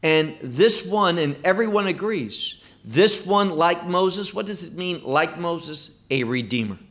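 Male Bible teacher, slightly high voice, unhurried and emphatic, explaining scripture. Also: animated, fairly bright tone. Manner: slow, emphatic, quoting scripture verse by verse.

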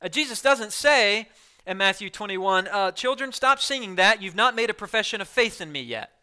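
A man preaching from the pulpit in a high, sharply bright voice. He swings between forceful, loud declarations and quiet, low asides, hammering home his points by repeating them. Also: expressive, moderate pace, clean tone. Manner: emphatic preaching with sudden loud outbursts and soft drops; repeats key phrases for emphasis. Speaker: pastor. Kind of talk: sermon.

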